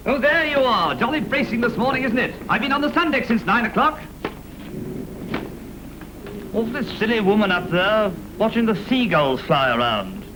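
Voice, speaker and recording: A foppish English aristocrat prattles in an affected upper-class English drawl. His voice sits high and swoops up and down with every phrase, like a 1930s film comedy. A faint hiss lies under it. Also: very animated, fairly quick, few pauses. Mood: chattering. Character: foppish, chatty English lord.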